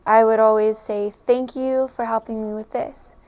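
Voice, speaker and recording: A woman's voice: a little high, level tone, normal speed, darkish tone, clear, resonant tone. A woman chatting casually and giggling often, with lots of fillers as she recalls her time abroad. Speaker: storyteller recalling a stay abroad. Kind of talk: casual chat to camera.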